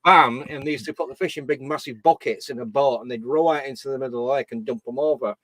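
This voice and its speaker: A man's voice: medium pitch, quick pace, a bit bright, no echo. A man, telling a rambling story in a casual live-stream chat and swearing freely. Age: 50s.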